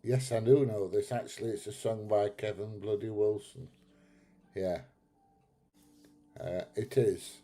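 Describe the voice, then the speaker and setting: Brief: northern English man, livestream host, unhurried and low, blunt banter. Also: fairly even intonation, dark tone. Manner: blunt, chatty, laughs often. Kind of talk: casual livestream chat reading comments.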